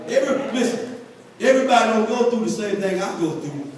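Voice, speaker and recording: A man preaching a sermon in a large church, talking to the congregation and rising into shouted, sung cadences. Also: high-pitched, expressive, fairly quick. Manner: conversational, calls out to the congregation. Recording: echoey church hall from far off, crowd noise. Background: congregation responding.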